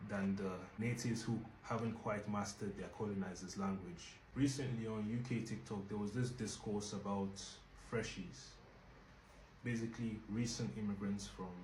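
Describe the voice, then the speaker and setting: A man with a lowish voice talks through a book in a measured, reflective way. His voice rings in an echoey room with a faint hiss behind it. It sounds like a home-made review video. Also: a little mellow. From Nigeria.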